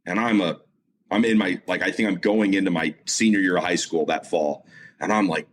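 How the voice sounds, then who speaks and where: Low-voiced man telling a racing story. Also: moderate pace. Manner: animated storyteller, many fillers and self-repeats. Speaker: guest, motorsport announcer. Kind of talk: casual storytelling interview.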